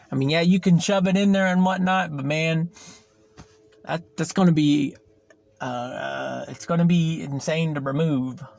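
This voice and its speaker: A man's voice: fairly high pitch, creaky. A young man hosting a podcast, chatting casually and rambling, repeating himself and swearing freely. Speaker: podcast host. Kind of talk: casual solo chat.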